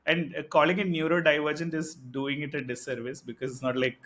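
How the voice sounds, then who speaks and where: Indian English male co-host, fairly high-pitched, loose and tangent-prone, laughs at his own asides. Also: level tone, a little fast, fairly bright tone. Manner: rambling, tangent-jumping, chuckles through his stories. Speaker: podcast co-host. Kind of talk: casual podcast chat.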